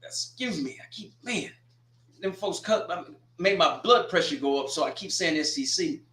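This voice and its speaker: A man hosting a casual sports preview, animated and teasing as he calls out teams directly. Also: a little high, moderate pace, roomy sound. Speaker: sports show host.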